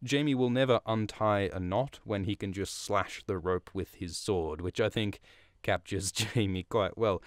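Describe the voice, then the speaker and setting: A man's voice: on the low side, clean tone, no room sound, studio quality. A man hosting a podcast, recapping a book in a rambling, profane, casual way with chuckling asides. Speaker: podcast host.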